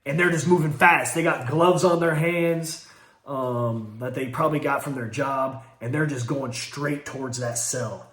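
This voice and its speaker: A man casually telling a first-person story in an animated way, acting out what people said and swearing freely. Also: mid-range voice, a little slow. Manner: animated, acts out quoted speech, swearing, fillers like "like". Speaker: host telling his own story. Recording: roomy echo.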